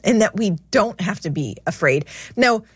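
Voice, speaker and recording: A woman's voice: mid-range voice, expressive, normal speed, husky, dry recording, clean studio sound. A woman co-hosting a faith talk show, telling stories in a chatty way and laughing as she goes. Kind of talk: casual conversational storytelling.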